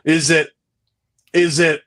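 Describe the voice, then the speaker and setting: Rambling podcast co-host, higher voice. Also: male voice, level tone, slow pace, a bit bright. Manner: rambling, repeats himself often. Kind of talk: casual chat.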